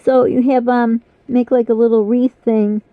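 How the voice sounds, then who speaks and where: An older woman with a fairly high, gravelly voice, chatting on her vlog in a rambling, apologetic way while her mouth hurts. The recording is dull, lo-fi and very dry. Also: flat delivery, normal speed, no echo. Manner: rambling, apologetic, self-deprecating. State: mouth pain. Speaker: vlogger. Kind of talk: casual chat.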